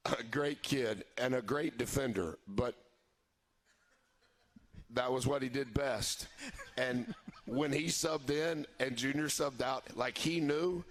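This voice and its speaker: Animated storytelling male coach. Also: mid-range voice. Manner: chuckles often, voice jumps up when quoting himself. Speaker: head basketball coach, guest. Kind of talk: animated storytelling on a radio show. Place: live broadcast from a barbecue restaurant.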